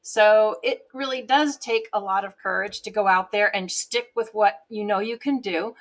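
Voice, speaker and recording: A woman guest on an interview show, telling lively stories, often laughing and acting out quoted dialogue, heard through a webcam microphone. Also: mid-range voice, normal speed. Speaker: guest, TV show host and business owner. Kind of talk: casual interview storytelling.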